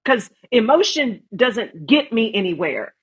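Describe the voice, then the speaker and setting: A woman's voice: a little high, very animated, unhurried, husky. A woman from Texas hosting an interview show, telling a personal story and affirming her guest. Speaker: host. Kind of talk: casual interview talk, storytelling. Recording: dull lo-fi audio.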